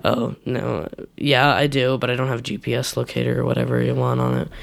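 A man's voice: medium pitch, little pitch movement, brisk, creaky, dry recording. A teenage man hosting a casual home podcast, hesitant and prone to restarts and laughter. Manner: hesitant, lots of fillers and restarts, laughs often. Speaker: podcast host. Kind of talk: casual chat. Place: home basement.

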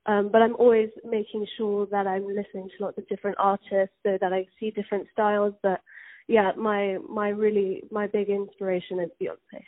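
A teenage girl from England with an English accent, a singer interviewed over the phone who speaks softly and warmly with frequent ums. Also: mid-range voice, little pitch movement, normal speed. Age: teens. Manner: soft, friendly, with frequent ums and likes. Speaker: singer, guest. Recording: tinny phone line.

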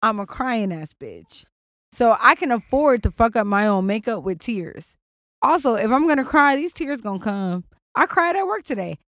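A young woman co-hosting a podcast, telling stories in a blunt, profane and animated casual chat. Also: fairly high pitch, normal speed, dry recording, clean studio sound. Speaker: podcast co-host.

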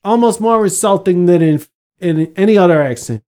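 A man's voice: high voice, normal speed, a little mellow. A man in casual conversation, laid-back, laughing often and swearing freely. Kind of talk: casual podcast chat.

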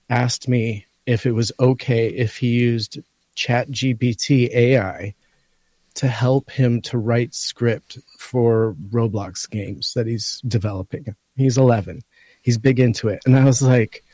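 Man, podcast co-host, mellow voice, halting casual chat. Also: medium pitch, dry recording. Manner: warm, a bit choked up, halting.

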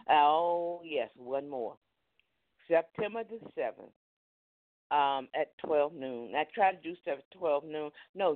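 A man hosting a live ministry broadcast, giving announcements in a chatty way full of amens and hallelujahs. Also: a little high. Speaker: ministry host and preacher. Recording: phone-like narrow sound.

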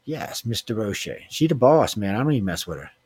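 A man's voice: lowish voice, big pitch swings, brisk, a little mellow, breathy edge, dry recording. A man hosting a casual radio show, joking and rambling with filler restarts. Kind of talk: casual live radio chat.

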